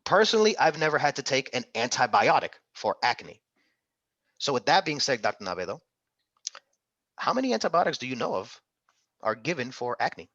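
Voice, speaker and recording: A man's voice: mid-range voice, sing-song, moderate pace, pauses often, a bit bright, no echo, muffled recording. A man tutoring an interactive online medical exam class, upbeat and coaxing, calling on students by name.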